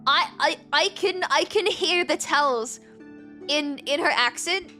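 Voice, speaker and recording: Bright, excitable woman streamer. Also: high-pitched, slow. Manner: excitable, swears, boastful. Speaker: VTuber streamer. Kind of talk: casual gameplay commentary. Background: game music.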